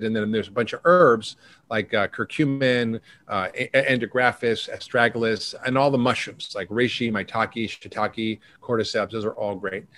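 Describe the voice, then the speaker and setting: A middle-aged man, a doctor and podcast guest, talking briskly and rattling off long lists. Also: on the low side, a bit bright, no room sound. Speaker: functional medicine doctor, guest. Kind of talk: podcast interview.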